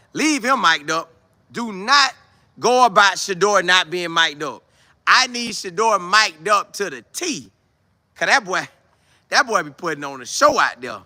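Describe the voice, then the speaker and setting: Animated high-voiced man talking football. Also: no echo. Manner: animated, slangy, acts out players' chatter. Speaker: sports show host. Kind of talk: casual sports talk.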